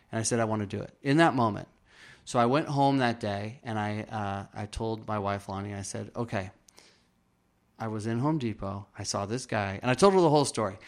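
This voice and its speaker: A man being interviewed, earnestly telling a personal story, acting out the dialogue and often restarting his sentences. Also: lowish voice. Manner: earnest, acts out quoted dialogue; frequent restarts and fillers. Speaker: interview guest.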